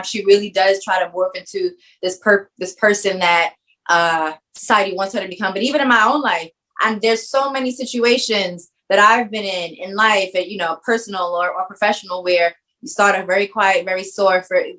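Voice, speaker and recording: A woman's voice: mid-range voice, fairly bright tone, low-quality recording. A woman filmmaker answering interview questions in a thoughtful way, often restarting her phrases as she searches for words. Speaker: film writer-director, guest.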